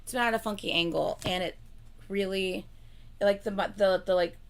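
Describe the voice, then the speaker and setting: A woman's voice: mid-range voice, fairly even intonation, normal speed, crowd noise. Rambling young woman chatting on a livestream. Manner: rambling, lots of "like" fillers, laughs between lines. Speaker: livestream co-host. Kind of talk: casual livestream chat.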